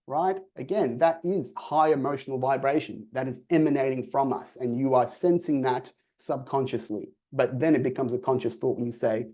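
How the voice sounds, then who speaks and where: Presenting to a virtual audience over a video call, a man delivers a sales coaching talk with medium pitch, a moderate pace and hardly any pauses. He's energetic, acting out quoted dialogue in lively voices.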